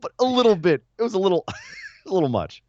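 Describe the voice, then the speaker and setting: Guy co-hosting a wrestling podcast, bouncy voice, kinda dull dry audio, jokes around a lot. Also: high voice. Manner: animated, quick to tease and laugh. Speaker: podcast co-host. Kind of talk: casual wrestling recap chat.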